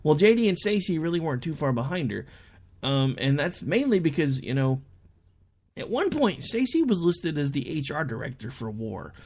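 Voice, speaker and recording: A man's voice: a little high, very animated, moderate pace, a little mellow, slight background noise. A young adult man hosting an online talk show, chatting through a casual monologue and telling stories in which he quotes people in raised voices.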